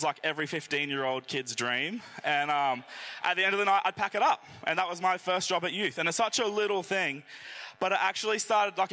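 A man's voice: a little high, bright, forceful tone. A young man giving a casual, joking talk at church and speaking straight to the congregation. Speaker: youth and worship team volunteer speaking at church. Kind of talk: sermon.

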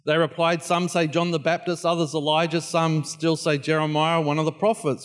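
Male pastor, slightly high voice, emphatic preaching in a reverberant church hall. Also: fairly even intonation, moderate pace, hardly any pauses. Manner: builds from quiet prayer to loud, rising emphatic repetition. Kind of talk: sermon.

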